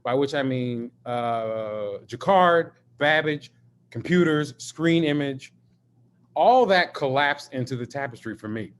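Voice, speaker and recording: A man, an artist, talking in a live-streamed video conversation, an expressive and emphatic storyteller who swears freely. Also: mid-range voice, slow, clean tone. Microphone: video call.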